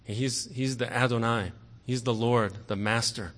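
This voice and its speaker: Earnest preacher in a reverberant hall. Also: male voice, mid-range voice, fairly even intonation, unhurried, a bit bright. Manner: earnest, repeats "okay" often, rises in force on key words. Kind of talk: sermon.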